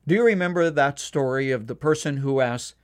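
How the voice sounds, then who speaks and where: A man delivering a scripted devotional radio commentary in a measured, earnest way, slowing down to stress key points. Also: mid-range voice. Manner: measured, earnest, slows down for emphasis.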